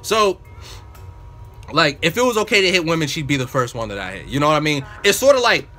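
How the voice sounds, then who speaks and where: A man's voice: a little high, sing-song, fairly quick, sharp tone, soft background music. A man telling a workplace story as a profane, exasperated casual rant, full of slang. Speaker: vlogger.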